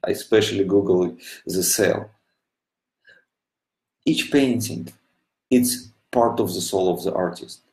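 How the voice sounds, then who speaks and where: Earnest Russian-accented man, gravelly and low. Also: reverberant, poor audio. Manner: earnest, impassioned non-native English with frequent "you know"; speaking quietly so a child can sleep. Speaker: studio representative addressing viewers. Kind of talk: live video broadcast. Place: home studio.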